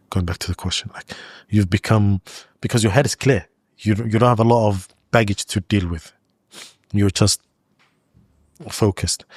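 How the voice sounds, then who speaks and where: A man's voice: fairly low pitch, darkish tone, dry recording, studio quality. A man speaking as a guest in a podcast interview, telling a personal story in a loose, chatty way full of "like" and "you know".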